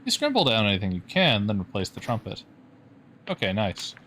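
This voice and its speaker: A man's voice: lowish voice, huge pitch swings, a little fast, a bit bright, a little hiss or hum. A man from Canada reading game text aloud on a livestream, dry and wry, with casual swearing. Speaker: streamer.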